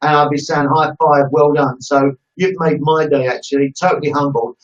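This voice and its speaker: A man's voice: a little high, steady tone, normal speed, recorded from a distance, highs cut off. A British man hosting an interview, talking effusively and telling a story with gusto. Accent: British English. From United Kingdom. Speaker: interview host. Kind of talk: enthusiastic live-stream sign-off.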